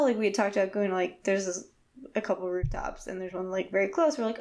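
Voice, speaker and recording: Woman, casual chat, rambling, filler-heavy, animated quotes. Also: mid-range voice, brisk.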